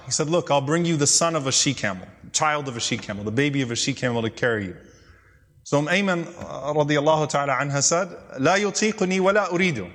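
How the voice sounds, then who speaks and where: A man's voice: on the high side, a bit bright. A man giving a storytelling sermon, quoting Arabic phrases and then explaining them in English. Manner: retells hadith, quoting Arabic then translating. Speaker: Islamic lecturer. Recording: long hall reverb.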